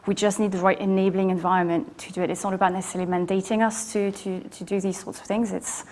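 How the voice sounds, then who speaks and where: A woman's voice: mid-range voice, flat delivery, quick pace, a little mellow. A woman speaking as a panelist, earnest, often repeating words as she starts. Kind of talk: panel discussion.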